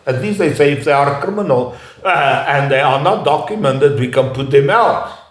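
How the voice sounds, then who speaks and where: A man with a somewhat raised pitch lectures off the cuff, stopping often to search for words and restarting his sentences. His voice rings around a reverberant room. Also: animated, a little hiss or hum. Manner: halting, with frequent "uh" pauses and restarts. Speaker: speaker giving a talk. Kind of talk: unscripted lecture. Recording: echoey room.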